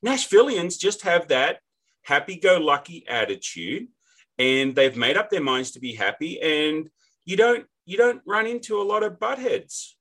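An Australian man hosts a laid-back interview with a clear, bright tone that sits a little high. He chats easily and jokes around with his guest. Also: very animated, unhurried. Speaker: podcast host. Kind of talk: casual interview chat.

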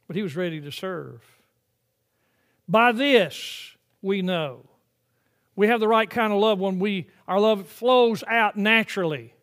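High-voiced older preacher, emphatic swells. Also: male voice. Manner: emphatic preaching that swells to loud peaks, then drops to quiet, drawn-out phrases. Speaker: pastor. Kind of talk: sermon. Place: church sanctuary.

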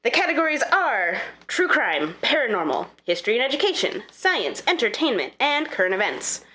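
A woman co-hosting a podcast in casual chat, upbeat and quick to laugh. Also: fairly high pitch, very animated, bright, forceful tone. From Idaho, USA. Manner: laughs often, chatty and upbeat. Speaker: podcast co-host.

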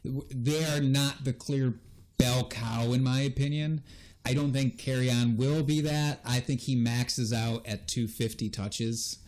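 A man's voice: mid-range voice, fairly even intonation, measured pace, a little mellow. A young man hosting a casual podcast, teasing his co-host and laughing often as he asks questions.

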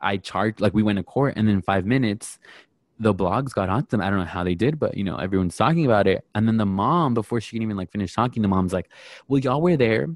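A man with a lowish voice talks casually, slipping into quick impressions of others as he retells events. The sound is dry and close, with no room around it. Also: no room sound. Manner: animated storyteller acting out quotes. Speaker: podcast co-host recapping reality TV. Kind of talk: casual chat.

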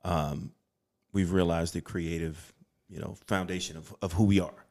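A middle-aged man with a very low, gravelly voice speaks thoughtfully as a podcast co-host. He often stops and restarts his sentences while he thinks aloud. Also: fairly even intonation, a little mellow. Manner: reflective, halting with restarts. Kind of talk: casual chat. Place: studio.

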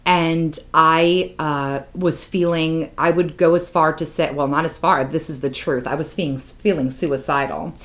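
A woman co-hosting a podcast, telling a painful personal story with raw emotion and plenty of swearing. Her voice drops low and hushed, then climbs loud and heated. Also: steady tone, unhurried, hardly any pauses. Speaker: podcast co-host. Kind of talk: candid podcast chat.

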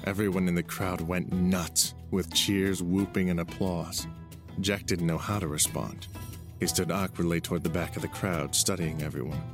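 A man with a very deep voice narrates a novel chapter in a steady storytelling manner. Clear music plays underneath him. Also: moderate pace. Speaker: audiobook narrator. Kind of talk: scripted narration.

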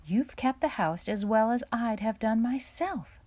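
A woman's voice: on the high side, animated, measured pace, no echo, voice pushed up. A woman reading aloud, voicing a kindly, house-proud farm mother who praises her children and fusses over guests. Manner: bright, kindly, fussing.

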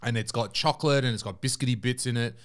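A man's voice: medium pitch, fast. A young Australian man with an Australian accent, co-hosting a podcast in casual chat, joking and swearing freely. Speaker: podcast co-host.

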